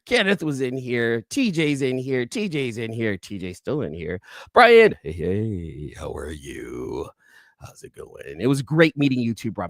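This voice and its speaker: Animated man rambling through a comic haul. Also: medium pitch, no room sound, clean studio sound. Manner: rambling, self-interrupting, quick asides to viewers in live chat. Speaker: YouTube comic collector host. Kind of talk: casual haul vlog.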